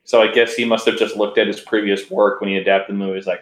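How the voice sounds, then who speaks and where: A man's voice: on the low side, little pitch movement, quick pace, hardly any pauses, reverberant, poor audio. A man co-hosting a comic book podcast, making wry, sarcastic remarks. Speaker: podcast co-host. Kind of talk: casual chat.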